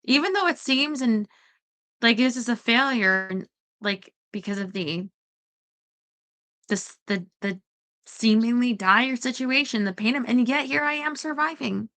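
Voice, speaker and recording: A woman's voice: a little high, measured pace, fairly bright tone. A woman hosting a casual chat, rambling with lots of fillers and quoting herself. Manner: rambling, full of fillers and self-quotes. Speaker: podcast host.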